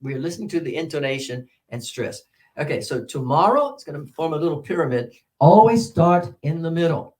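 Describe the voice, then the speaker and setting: A man giving a workshop on teaching English pronunciation, repeating words slowly and counting syllables aloud. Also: a little high, animated, a little mellow. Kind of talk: teacher-training workshop talk. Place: presentation room with a mic.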